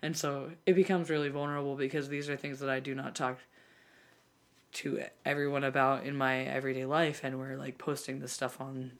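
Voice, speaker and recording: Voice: medium pitch, little pitch movement, a little fast, a bit bright. Picture a podcast co-host in an open, heartfelt chat. The voice sits in a middle register and talks earnestly, rambling along with plenty of likes and ums. It sounds like someone sharing personal things with listeners. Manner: rambling, earnest, filler-heavy. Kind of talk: candid casual chat.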